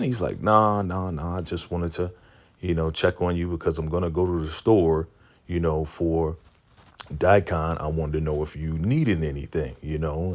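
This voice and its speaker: A man with a deep, low voice talks through a TV episode in a relaxed, casual way. He slips into quick impressions of the characters as he goes and laughs often. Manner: laid-back storytelling, acts out character lines, laughs often. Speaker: recap vlogger.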